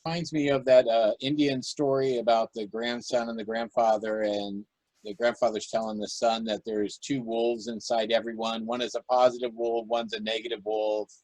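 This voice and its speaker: A man on a video call calmly retelling a parable in a group discussion. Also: medium pitch, normal speed, no echo, poor audio. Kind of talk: casual online worship discussion.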